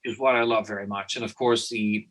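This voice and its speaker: A man's voice: lowish voice, fairly even intonation, a little fast, a bit bright, poor audio. A man from Italy speaking English, telling stories animatedly in a casual interview, often restarting and repeating words. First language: Italian. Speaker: guest, company founder.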